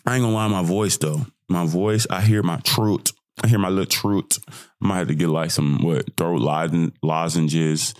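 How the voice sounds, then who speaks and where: Hoarse young man, solo podcast host, deep voice, dry close sound, swings between hyped yelling and quiet talk. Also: moderate pace, no room sound. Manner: excitable, swings from hyped shouting to quiet reflection. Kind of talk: casual solo podcast monologue.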